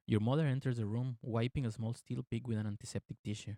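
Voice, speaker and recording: A man's voice: on the low side, fairly even intonation, fast, few pauses, warm tone, a little hiss or hum. A young man hosting a gaming video, reading the story narration evenly and chatting upbeat between scenes. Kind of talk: game narration and commentary.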